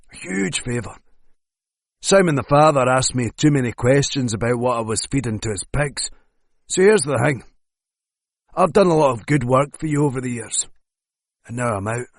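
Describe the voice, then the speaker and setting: A man's voice: mid-range voice, vocal fry, no echo. A man voicing a wary retired male hitman with a clipped, sardonic way of talking. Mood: dismissive. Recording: dry close studio sound.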